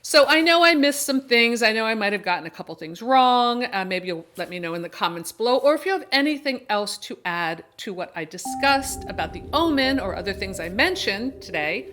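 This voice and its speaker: A woman's voice: fairly high pitch, expressive, a little fast, hardly any pauses, a bit bright, a little hiss or hum. A woman hosting a horror book and film channel, giving a casual review monologue and retelling the plot with enthusiasm and many restarts.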